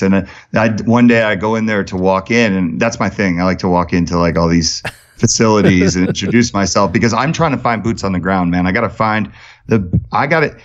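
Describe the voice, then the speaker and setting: A man with a lowish voice tells stories energetically. He talks fast and animated in a casual podcast chat. The recording sounds dull and lo-fi. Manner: energetic storyteller, rapid and animated. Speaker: podcast guest, charity founder.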